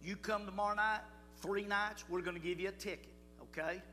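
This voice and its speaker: A man's voice: high-pitched, fairly even intonation, fairly quick, bright, forceful tone. An older man leads a children's Bible school assembly in a folksy, coaxing way, calling out to the crowd. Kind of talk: leading a children's church assembly. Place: church hall. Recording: hall reverb with music.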